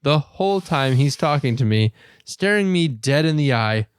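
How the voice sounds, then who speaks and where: A man's voice: fairly high pitch, expressive, moderate pace, clean tone, no room sound, clean studio sound. A man co-hosting a podcast, telling a long crude story casually and laughing often. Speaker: podcast co-host.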